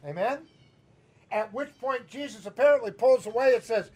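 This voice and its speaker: A man preaching a sermon as pastor, telling a story in an animated way and acting out the voices of the people in it. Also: very high voice, normal speed, breathy edge. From Southern US. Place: church sanctuary.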